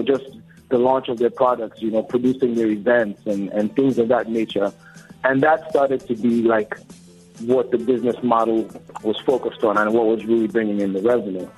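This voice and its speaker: A low-ish, slightly mellow and slightly rough voice belongs to a record label co-founder in his forties. As an interview guest in casual conversation, he talks earnestly and reflectively. The recording has a dull, lo-fi quality and faint music.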